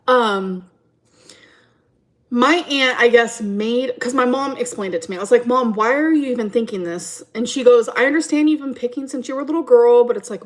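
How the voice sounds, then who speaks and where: Woman, livestream story time, chatty, rambling, a bit high-pitched, at home. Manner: chatty, rambling, reads chat aloud. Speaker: streamer.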